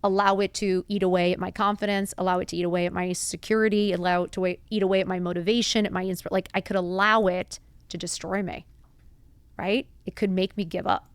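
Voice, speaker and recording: On her podcast, a woman with a fairly low, level voice opens up in a motivational personal talk about recovering from setbacks. She speaks fairly quickly in a clean, echo-free recording, earnest and confiding, with heavy use of "like," "right?" and rhetorical questions.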